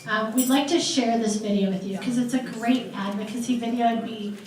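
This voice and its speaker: A woman with a slightly high voice gives an enthusiastic, conversational talk to a convention audience. She sounds distant from the mic. A big hall's echo and faint noise hang around her words. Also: brisk, darkish tone. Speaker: association leader presenting at a convention. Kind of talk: casual convention speech. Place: large convention hall. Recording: echoey hall from far off, faint noise.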